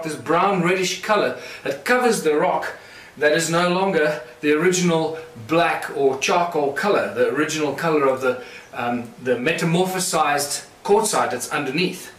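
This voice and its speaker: A man's voice: a little high, fairly bright tone. Man lecturing in an echoey room. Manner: explanatory, points things out to the audience. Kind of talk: conference lecture with demonstrations.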